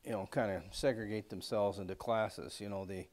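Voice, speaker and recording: A man's voice: lowish voice, steady tone, normal speed, a little mellow. Folksy, rambling man teaching Bible class. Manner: folksy and rambling, many fillers and asides. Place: church classroom.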